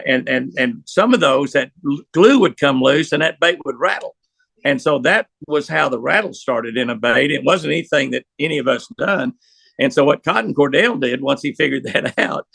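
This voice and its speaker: Older man, very gravelly, forceful, folksy rambling storyteller, interview guest. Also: mid-range voice, moderate pace, dry recording. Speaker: pro angler guest.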